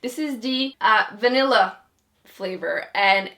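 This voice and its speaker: A woman's voice: fairly high pitch, takes it slowly, bright, forceful tone. Young woman, beauty vlogger, chatty and giggly, casual talk to camera. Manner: chatty, giggly, many fillers. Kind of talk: casual monthly favorites chat.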